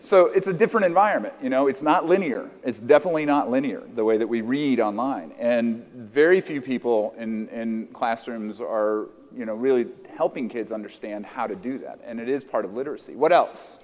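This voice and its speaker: A man's voice: mid-range voice, fairly quick, few pauses, darkish tone. An American man presenting at a teachers' conference in a casual, interactive way, repeating audience answers back and restarting sentences often. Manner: conversational, echoes audience answers, many restarts. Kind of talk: interactive workshop talk with teachers.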